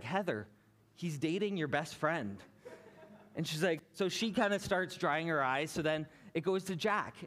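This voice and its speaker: A Canadian man in his thirties, a pastor giving a sermon in a relaxed, storytelling way. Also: fairly high pitch. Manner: conversational, anecdotal, building to a lesson.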